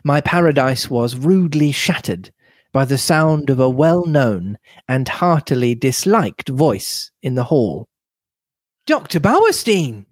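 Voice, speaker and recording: Guy reading an old mystery novel, steady and measured, dry close mic. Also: mid-range voice, no room sound. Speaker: reader.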